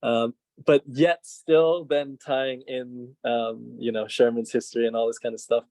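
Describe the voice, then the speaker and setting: A man's voice: mid-range voice, flat delivery, unhurried, warm tone, dry recording. A man who is a filmmaker and the guest, talking on a video call, hesitant, with many fillers and restarts. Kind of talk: casual conversational interview.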